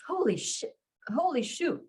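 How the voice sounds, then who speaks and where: A tender young man, worried and protective, firing off urgent questions, as a woman reading her book puts him on. His voice is raised and anxious but gentle. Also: high-pitched, very animated, measured pace, voice pushed up. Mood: alarmed.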